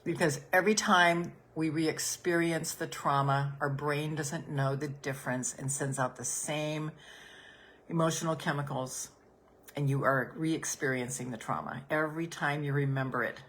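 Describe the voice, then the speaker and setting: A woman with a low, deep voice guides listeners through a calm healing exercise as a business coach. She speaks soothingly and gently, repeating her phrases softly. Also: moderate pace, a little hiss or hum. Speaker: business coach and podcast host.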